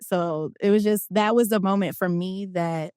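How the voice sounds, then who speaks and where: A woman from Philadelphia, a guest telling an animated story in a casual interview and acting out the quotes. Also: mid-range voice, normal speed, clean tone, dry recording, studio quality. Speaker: guest, basketball players' union director.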